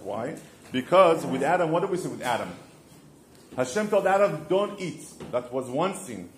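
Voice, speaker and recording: A man's voice: on the high side, reverberant, slight background noise. A man hosting a podcast, telling stories and teaching about marriage in an informal way, asking questions and answering them himself. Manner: storytelling, asks and answers his own questions. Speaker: podcast host giving marriage advice. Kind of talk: informal religious teaching monologue.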